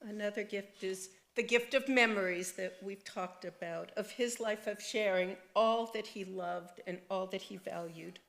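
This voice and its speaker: Woman, funeral eulogy with a poem, slow and gentle delivery. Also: medium pitch, creaky. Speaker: daughter giving a eulogy.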